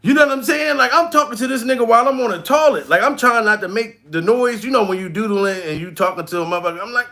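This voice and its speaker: Male comedian from New York, high raspy voice, loud profane storytelling. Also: quick pace. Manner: animated, profane, laughing storyteller. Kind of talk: comedic vlog monologue.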